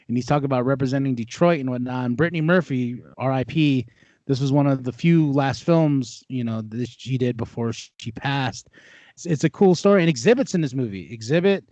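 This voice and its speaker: A man chatting casually about movies, telling animated stories and laughing often. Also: on the high side, dry recording. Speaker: podcast co-host. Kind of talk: casual chat. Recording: dull lo-fi dry sound.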